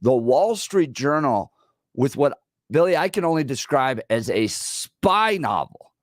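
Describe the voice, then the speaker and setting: A man in his forties co-hosting a talk radio show, telling stories in an animated way with laughs. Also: medium pitch, measured pace, no echo, clean studio sound. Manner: animated storyteller, laughs while telling anecdotes. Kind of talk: casual talk radio banter. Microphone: studio microphone.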